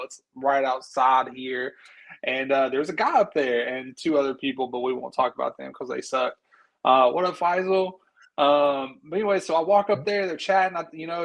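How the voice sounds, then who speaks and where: A man talks casually as a podcast co-host, and his voice sits a little higher than most men's. He tells his stories in a chatty way, acting out what people said. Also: a bit bright, low-quality recording. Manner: chatty storyteller, acts out quotes. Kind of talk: casual chat.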